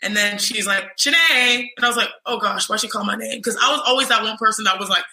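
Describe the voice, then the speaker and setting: A young woman telling an animated story in casual chat, acting out other people's voices in quotes. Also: mid-range voice, fast. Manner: lively, mimics voices in quotes, says "you know what I'm saying". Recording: roomy echo.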